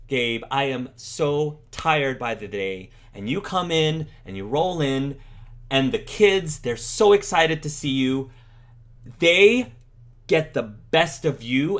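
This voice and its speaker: A man's voice: mid-range voice, lively intonation, takes it slowly. A man voicing a weary, resentful wife and mother in a tabletop role-play, speaking with tired, defensive bitterness. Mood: bitter, weary.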